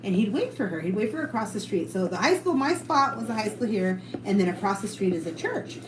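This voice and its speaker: Animated, fast-talking woman telling stories. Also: medium pitch. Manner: animated, acts out voices of people in her stories, swears freely. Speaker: storyteller on a podcast. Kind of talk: casual storytelling chat. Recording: roomy room with background noise.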